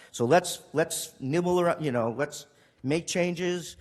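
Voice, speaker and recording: A city councilor speaking with emotion and frequent restarts during a council meeting. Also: male voice, on the high side, measured pace, long reverb tail. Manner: emotional, pleading, with restarts and repetition. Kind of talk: impassioned council meeting speech. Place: council chamber.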